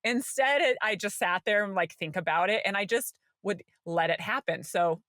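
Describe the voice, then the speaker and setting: A podcast co-host, a woman with a medium-pitched voice at normal speed, tells a story in a casual chat, animatedly acting out what people said. The studio-quality recording has no room sound.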